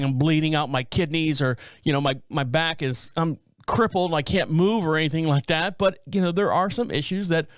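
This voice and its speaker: Rambling middle-aged podcast host. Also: male voice, on the high side, dry recording, clean studio sound. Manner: rambling, full of fillers and restarts, self-described scatterbrained. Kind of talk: casual monologue.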